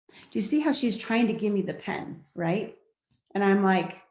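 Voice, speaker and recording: A woman's voice: mid-range voice, animated, moderate pace, a little mellow. A woman leading a live coaching class, talking conversationally and often checking in with her listeners. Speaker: life coach. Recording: echoey room.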